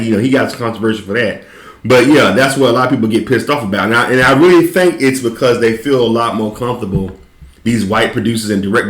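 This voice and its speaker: A man's voice: lowish voice, roomy sound. A man hosting a casual chat, loose and profane, laughing often. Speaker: host.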